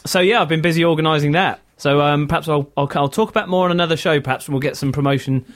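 A man's voice: on the high side, fast. A man co-hosting a podcast, upbeat and chatty in casual studio banter. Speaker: podcast co-host.

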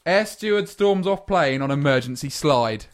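A man's voice: a little high, lively intonation, unhurried. A man hosting a comedy podcast, teasing his co-hosts in a mock-pompous way. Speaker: podcast host. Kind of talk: comic banter on a podcast.

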